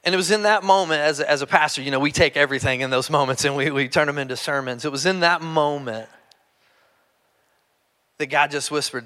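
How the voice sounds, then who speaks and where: A middle-aged pastor with a Kentucky accent, his voice sitting a little high for a man. He preaches in an easygoing, chatty way to his congregation, full of restarts and self-deprecating humor, and turns hushed and earnest when he prays. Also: brisk. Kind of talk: conversational sermon with humorous stories. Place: church service before a live congregation.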